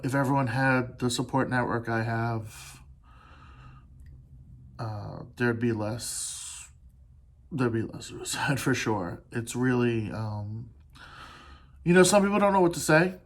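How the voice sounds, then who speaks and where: A man talking alone into a podcast mic, earnest and heartfelt. He halts and restarts often and lets thoughts trail off. His pitch sits in an ordinary middle range, and he swears casually. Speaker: solo podcast host. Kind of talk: candid solo podcast monologue.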